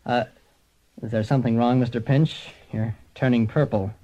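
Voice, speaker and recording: A man's voice: medium pitch, steady tone, normal speed, warm tone, close to an everyday voice. A man playing a punning, bumbling detective. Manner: breezy, punning, self-satisfied. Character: bumbling wisecracking male private detective. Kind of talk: comic radio narration and acting. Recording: dull lo-fi old radio recording.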